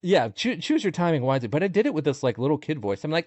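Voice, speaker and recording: A middle-aged man, a podcast guest, chatting casually and telling jokey stories with sudden animated jumps in pitch. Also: fast talker, no room sound. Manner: jokey, animated storytelling with bursts of higher pitch. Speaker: podcast guest, content creator. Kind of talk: casual interview chat.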